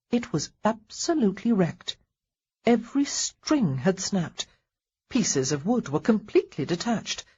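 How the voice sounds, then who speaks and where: A woman narrating an audiobook with expressive, lilting storytelling. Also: fairly low pitch, breathy edge, dull audio.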